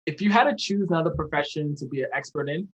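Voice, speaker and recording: A man's voice: on the high side, fast talker. A man hosting a podcast interview, eager and agreeing, with many fillers as he talks. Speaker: podcast host. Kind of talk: casual interview conversation.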